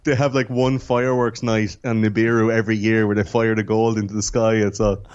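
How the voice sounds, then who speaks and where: Rambling man, low and muffled. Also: fairly quick, clean tone. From Ireland. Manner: rambling, animated storytelling. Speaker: guest. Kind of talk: casual podcast chat.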